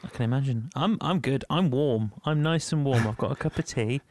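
A man's voice: mid-range voice, fairly quick, a little mellow, dry recording, studio quality. A man with a Yorkshire accent co-hosting a music podcast in casual chat, full of ums and little laughs. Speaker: podcast co-host.

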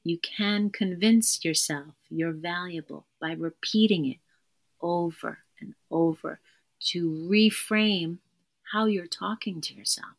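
A woman's voice: on the low side, slow pace, creaky. A woman therapist, a podcast guest, talking in an earnest, emphatic way and repeating her key phrases. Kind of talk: conversational interview.

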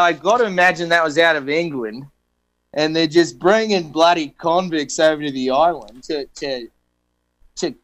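A man's voice: a little high, a bit bright, poor audio. A man co-hosting a radio show, presenting a history segment in a loose, laughing, joking way. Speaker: radio co-host. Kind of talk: casual radio banter.

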